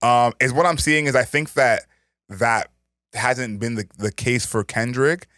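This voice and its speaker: A man co-hosting a podcast, thinking out loud and weighing his points. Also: mid-range voice, fairly even intonation, a little slow, no room sound. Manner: thoughtful, weighs points with restarts and hedges. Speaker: podcast co-host. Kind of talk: casual chat.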